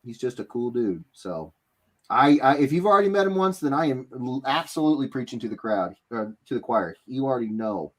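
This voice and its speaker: Livestream host, man, casual rambling chat, very lively pitch. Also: fairly quick. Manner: animated, rambling, with many fillers and restarts. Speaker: host of an art giveaway livestream.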